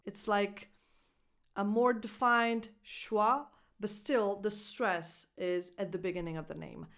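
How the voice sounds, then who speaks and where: A woman coaching English pronunciation, repeating each word slowly and carefully and spelling out its sounds. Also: mid-range voice, bright, forceful tone. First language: Italian. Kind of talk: pronunciation lesson.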